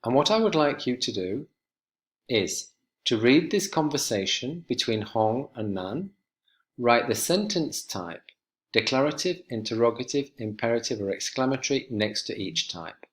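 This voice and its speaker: A man teaching an online English lesson, walking students through exercises with slow, clear instructions. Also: mid-range voice, animated. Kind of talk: recorded online lesson walkthrough.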